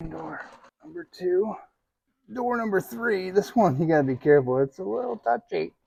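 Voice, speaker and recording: A man casually demonstrating gear in a barn for a vlog, playful and quick to chuckle, sometimes squeaking like a rat. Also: a little mellow, no echo. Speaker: YouTuber testing rat traps. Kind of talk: casual hands-on demo vlog.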